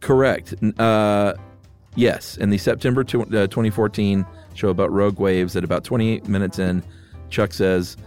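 Male podcast co-host, low-pitched, casual, laughs often, faint music underneath. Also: normal speed. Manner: relaxed, laughs easily. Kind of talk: casual chat, reading listener mail.

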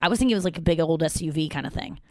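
A St. Louis–area stand-up comic and podcast host spins a profane, rambling story alone in her home office, impersonating what others said. She speaks rapid-fire in a low, slightly mellow voice, the clean studio recording having no room sound.

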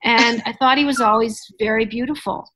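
A woman hosts a podcast in easy conversation, rambling and circling back on herself. Her voice sits slightly high. She talks loosely, restarting her sentences. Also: fairly even intonation, fairly quick, pushed and bright. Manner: chatty, rambling with many restarts. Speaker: podcast host. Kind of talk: casual chat.

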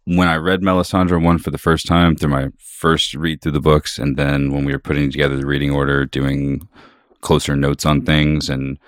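A man with an extremely low, deep voice co-hosts a podcast, chatting playfully and teasing his co-hosts. He is heard over a remote call with a dry, close sound. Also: level tone, moderate pace, no echo. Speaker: podcast co-host. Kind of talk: casual podcast chat.

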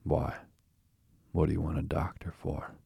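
A man's voice: rumbling low, completely flat delivery, creaky, mellow, husky, dry recording, exaggerated voice. A man reading the part of a cheerful, practical water rat who talks heartily to his friend. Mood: hearty. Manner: hearty, brisk.

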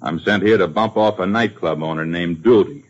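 An actor playing a cocky small-time gangster who talks in tough underworld slang, in a 1950s radio drama. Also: male voice, low-pitched, normal speed. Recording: lo-fi old radio broadcast.

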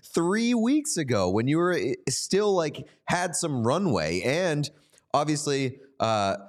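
A man's voice: fairly high pitch, slow pace. A young man co-hosting a hockey podcast, talking animatedly and laughing between points. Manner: animated, laughs, acts out quotes. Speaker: podcast co-host. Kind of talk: casual sports chat.

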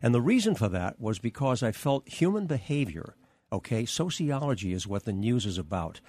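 An older American man, a veteran news anchor, telling lively stories and acting out the dialogue in an interview. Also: medium pitch, moderate pace, dry recording. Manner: animated anecdotes, acts out quoted dialogue. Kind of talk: storytelling interview answers.

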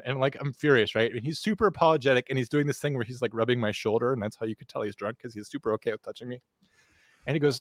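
A man guesting on a podcast, casually telling a rambling, animated anecdote with plenty of swearing. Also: mid-range voice, fast, dry recording, clean studio sound.

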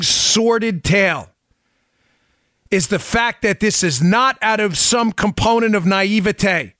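A man's voice: high-pitched, sharp tone, no room sound. A middle-aged man hosting a political podcast, delivering an impassioned, emphatic commentary monologue full of rhetorical questions, close on the mic. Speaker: podcast host.

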